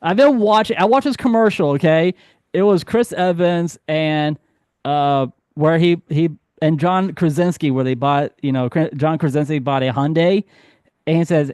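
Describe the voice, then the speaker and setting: A man's voice: a little high, moderate pace, darkish tone, clear, resonant tone, no room sound, clean studio sound. A man hosting a podcast in casual chat, rambling and correcting himself, laughing easily. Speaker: podcast host.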